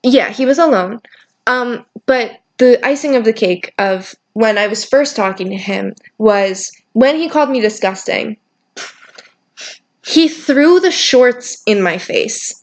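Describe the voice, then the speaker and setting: Young woman, podcast co-host, casual storytelling, animated, slightly high pitch. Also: unhurried. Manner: animated retelling, acts out dialogue.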